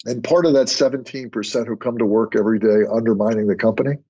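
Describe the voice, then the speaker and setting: An older man, a podcast guest, chatting casually and telling stories with lively quoted dialogue. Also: on the low side, quick pace, breathy edge. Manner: storytelling, animated when quoting others. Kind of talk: conversational interview. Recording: muffled lo-fi remote audio.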